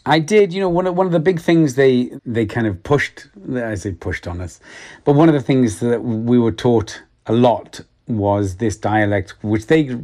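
Halting Welsh actor, interview guest. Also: male voice, medium pitch. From Wales. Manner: halting, many restarts, soft laughs. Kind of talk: reflective interview answers.

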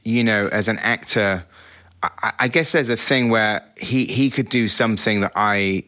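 A man's voice: on the low side, a little slow, pushed and bright. A middle-aged British man, a film director, answering interview questions in a chatty, reflective way with frequent restarts.

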